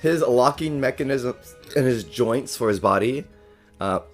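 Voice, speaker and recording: Excitable player with hiccups. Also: mid-range voice, a little slow, soft background music. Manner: excitable, swears, laughs a lot. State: has hiccups. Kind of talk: casual tabletop game play.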